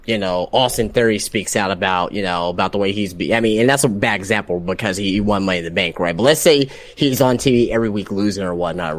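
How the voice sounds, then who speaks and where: A man's voice: fairly low pitch, fairly bright tone, dry recording. A man chatting casually on a wrestling podcast, rambling with lots of fillers and asking for agreement. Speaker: podcast guest.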